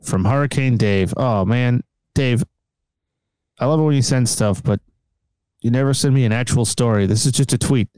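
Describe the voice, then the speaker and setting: A man's voice: medium pitch, moderate pace, pauses often, darkish tone, clean tone, no room sound. A man hosting a podcast, reading news stories in a crude, joking casual chat. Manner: crude, joking, laughs often. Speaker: podcast host.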